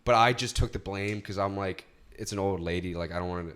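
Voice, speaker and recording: A man's voice: deep voice, a little fast, smooth. A young man co-hosting a podcast, telling stories in casual chat and swearing freely. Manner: animated storyteller, swears casually. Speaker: podcast host.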